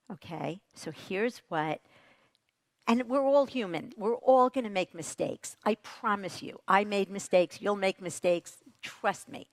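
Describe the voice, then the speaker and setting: A woman gives a motivational talk on parenting, her pitch leaping up and down as she asks the audience questions. She speaks slowly, with a gravelly edge in her voice. The sound is dry and close. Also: dry recording. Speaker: parenting expert.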